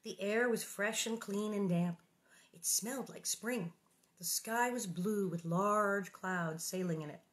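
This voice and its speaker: A woman reading a children's novel aloud and breaking off into jokey, animated asides. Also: mid-range voice, unhurried. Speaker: book reader and host.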